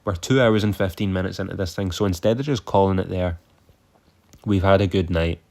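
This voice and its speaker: A man's voice: low-pitched, a little fast, creaky, a little mellow. A man reviewing old fight events in a casual, sarcastic and exasperated way, swearing freely.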